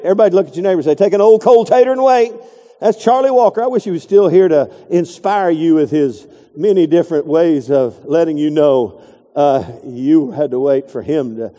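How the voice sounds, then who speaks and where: Folksy preacher in a reverberant hall. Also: male voice, on the high side, brisk, dark tone. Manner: folksy, digressive preaching with acted quotes. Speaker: pastor. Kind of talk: sermon.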